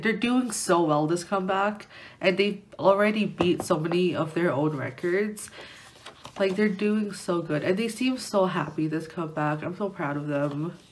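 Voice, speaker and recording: A woman's voice: on the low side, slight background noise. A young woman vlogger chatting casually while unboxing an album, rambling and giggling, often restarting her sentences, indoors at home near a window. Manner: rambling and giggly, many restarts and filler words.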